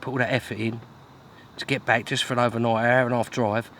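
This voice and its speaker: A man's voice: mid-range voice, level tone, fast, a bit bright, slight background noise. Chatty man vlogging by a lake. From Britain. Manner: chatty, self-mocking, grumbling asides. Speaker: fishing vlogger. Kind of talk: casual vlog to camera. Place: outdoors at a lake in wind and rain.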